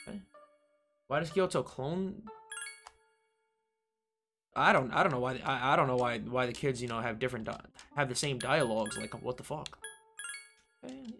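A man's voice: mid-range voice, lively intonation, moderate pace, creaky, long pauses, pushed and bright, faint music behind. Young New man, casual gameplay commentary, loose and profane, reads text aloud. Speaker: streamer.

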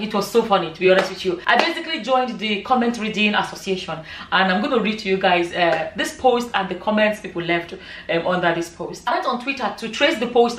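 A woman's voice: medium pitch, fairly bright tone, roomy sound, recorded from a distance. A woman chatting casually as a vlogger, reading comments aloud and laughing often.

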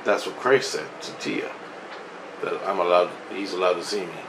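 A man's voice: deep voice, steady tone, normal speed, noisy background. A man telling a personal story in a rambling, agitated, profane way, restarting often. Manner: profane, agitated, restless retelling with frequent restarts.

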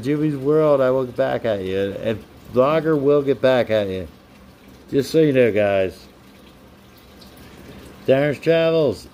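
Mellow-voiced man hosting a live stream. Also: medium pitch, slight background noise. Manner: reads out viewer names and shouts them out, chatty and upbeat. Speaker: livestream host. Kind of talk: casual live-stream chat reading comments.

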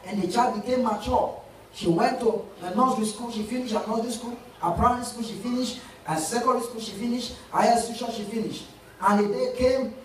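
A Nigerian pastor with a high voice preaches to his congregation, often breaking off to ask them questions. He is heard from some distance in a strongly echoing church hall, with a faint hiss under the sound. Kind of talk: sermon.

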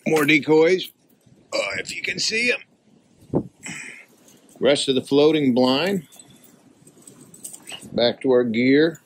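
A man vlogging outdoors on a hunting trip, chatting casually and coaxing his dog along in a fond, high, sing-song voice. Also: lively intonation, takes it slowly, pauses often, slight background noise. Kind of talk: casual outdoor vlog narration. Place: outdoors by a river in the wind.

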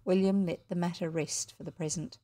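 A woman's voice: fairly low pitch, fairly even intonation, fairly quick, dark tone. A woman with a New Zealand accent reading a children's story aloud, adding chatty asides to listeners. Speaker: audiobook reader.

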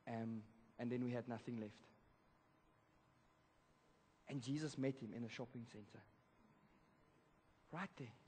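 A man preaching a sermon, telling a story in a lively, casual way with slang. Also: medium pitch, measured pace, pauses often, slight background noise. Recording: reverberant church hall.

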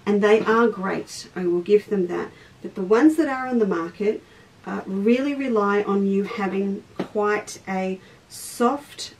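Leading a live sewing lesson, an Australian craft teacher and shop host keeps things chatty and easygoing, stopping mid-task to greet viewers by name between steps. Her mid-range, darkish voice sits a little away from the mic, recorded from a distance in poor audio over faint background noise.

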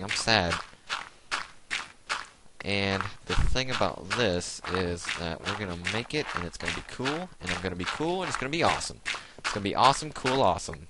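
A man's voice: low voice, heavy background noise. A young man rambling through jokey tangents while playing a video game. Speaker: gaming video host. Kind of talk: rambling let's play commentary.

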